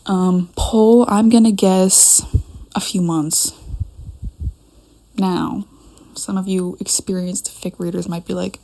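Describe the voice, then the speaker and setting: Young woman, gravelly and mellow, casual rambling vlog at home to camera, scattered and self-talking. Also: fairly low pitch. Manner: chatty, scattered, talks to herself. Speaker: fan fiction vlogger. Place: dim room at home.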